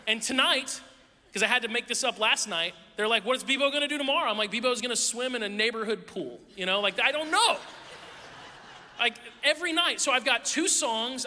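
High bright-voiced pastor in a big hall. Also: male voice, brisk. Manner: animated, self-deprecating storytelling with laughs. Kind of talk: sermon with personal stories. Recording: long reverb of a large hall.

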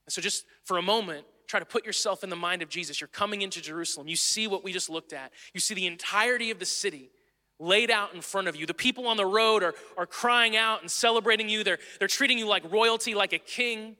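A man's voice: high-pitched, quick pace, bright, forceful tone. A man preaching a sermon in an earnest, conversational way, sometimes restarting his phrases. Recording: long hall reverb.

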